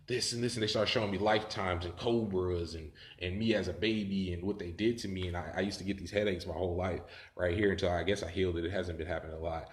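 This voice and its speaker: A man's voice: deep voice, fairly even intonation, fast, echoey room. A man telling a story in casual, profane talk, rambling and laughing as he goes.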